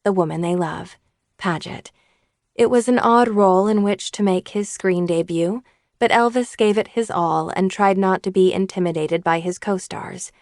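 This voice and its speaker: A woman narrating an audiobook in a steady scripted reading. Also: fairly low pitch, vocal fry, dry recording, studio quality.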